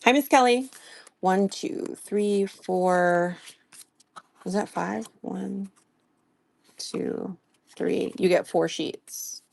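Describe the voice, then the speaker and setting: Soft-spoken woman chatting on a live sale. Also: medium pitch, steady tone, very slow, creaky, pauses often. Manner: chatty, greets viewers by name, gushes softly. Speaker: live-stream seller. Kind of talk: casual live-stream product showing.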